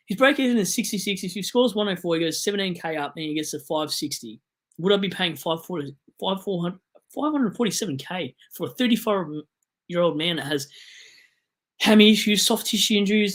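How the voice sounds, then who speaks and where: Aussie guy chatting on his live stream, gets super excited then goes quiet and mumbly. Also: high-pitched. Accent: Australian. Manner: excitable, digressive, swings from loud bursts to mumbling asides. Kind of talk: casual live-stream chat.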